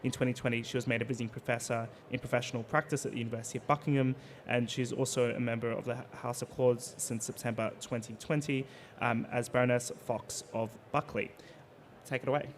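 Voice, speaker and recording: A man moderates a conference panel, talking at a brisk clip. He often restarts his sentences. A faint hiss sits behind his voice. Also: mid-range voice, flat delivery. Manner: quick, conversational, with frequent restarts. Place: conference venue.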